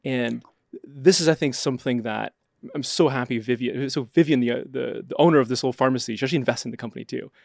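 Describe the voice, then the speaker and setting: Gravelly-voiced male startup founder. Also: mid-range voice, fast, hardly any pauses, no room sound, studio quality. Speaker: startup CEO guest. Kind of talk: casual interview chat.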